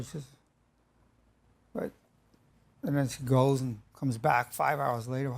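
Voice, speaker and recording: A man's voice: mid-range voice, fairly even intonation, slow, vocal fry, pauses often. A man giving relationship advice in a casual spoken talk, often acting out what partners say to each other, with frequent restarts. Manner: conversational, acts out quoted couples, frequent restarts.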